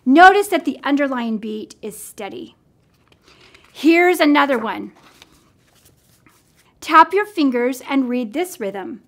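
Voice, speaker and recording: Slow, high-voiced woman teaching music. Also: sing-song. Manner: clear, patient, counts in and sings along.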